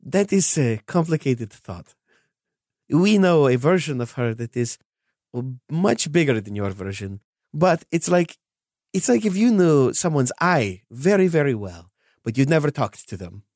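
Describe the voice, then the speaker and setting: A man's voice: a little high, a little slow, no echo, clean studio sound, pitched above the performer's own voice, exaggerated voice. A man voicing a cheerful, otherworldly ghost woman who guides a group and teases them. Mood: teasing. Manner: breezy, teasing, lively.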